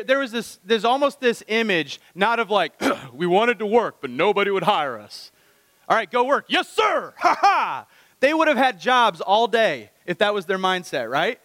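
A man preaching a sermon to his congregation, animated and full of rhetorical questions. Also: high voice, in a large hall. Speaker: pastor.

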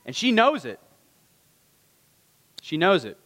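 A man's voice: sits high, huge pitch swings, slow, fairly bright tone, in a large hall. A man preaching a conversational sermon, asking the listeners rhetorical questions and acting out the lines of the people in the story. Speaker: pastor.

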